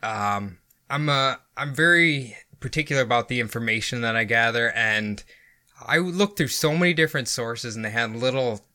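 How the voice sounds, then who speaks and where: A man's voice: mid-range voice, normal speed, pushed and bright. A young man hosting a podcast, chatting casually and laughing often as he tells a story. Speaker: podcast host. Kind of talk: casual chat and story narration.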